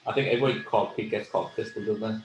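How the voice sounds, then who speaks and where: A man's voice: lowish voice, fairly even intonation, rapid-fire, a little hiss or hum. A man with a Sunderland accent co-hosting a casual chat over beers, telling rambling stories and laughing along. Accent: Sunderland (Mackem). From Sunderland, England. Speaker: podcast co-host. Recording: echoey room with faint ambience.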